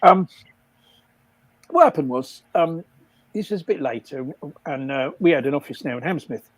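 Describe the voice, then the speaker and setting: A man's voice: fairly high pitch, expressive, normal speed, no room sound, poor audio. An older man casually telling rambling stories, laughing often at his own jokes. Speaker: guest storyteller.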